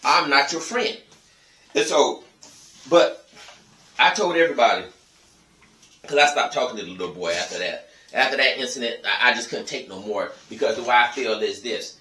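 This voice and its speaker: Man vlogger, blunt and profane, bright tense edge, a bit far off the mic. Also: medium pitch, lively intonation, normal speed, long pauses, reverberant. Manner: blunt, profane, emphatic ranting to viewers. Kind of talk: casual storytelling monologue.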